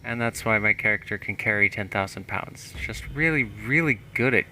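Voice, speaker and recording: A man streams a game live and narrates casually as he loots and explores. His talk is chatty and unhurried, full of small asides. His voice is strikingly bright and sharp. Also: fairly low pitch, a little hiss or hum. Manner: casual, chatty, thinking aloud.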